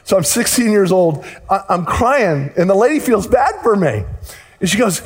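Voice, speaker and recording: A man preaching a sermon, telling a story and acting out the dialogue in lively fashion. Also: sits high, moderate pace, slightly rough. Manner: animated, acts out dialogue in the story. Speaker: pastor. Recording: long hall reverb.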